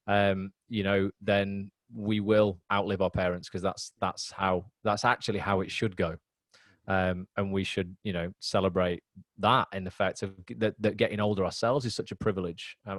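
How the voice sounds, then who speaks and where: Low-voiced man giving pep talks. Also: no echo. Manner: earnest, motivational, rambling with many fillers. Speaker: acting mentor, guest. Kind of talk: casual video-call chat. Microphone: video call.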